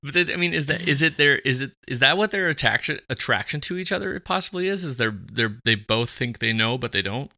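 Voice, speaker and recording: A man co-hosting a podcast in casual chat, animated and rambling with lots of fillers. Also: medium pitch, brisk, creaky, few pauses, no room sound, clean studio sound. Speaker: podcast co-host.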